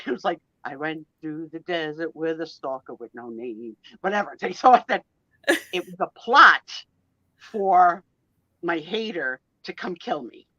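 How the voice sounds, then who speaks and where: A woman with a bright, forceful voice that sits a little low, telling stories animatedly in a live online chat. She laughs easily and acts out quotes. The sound is dull and dry, like lo-fi stream audio. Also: animated, measured pace, no room sound. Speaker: guest co-host of a live sale chat.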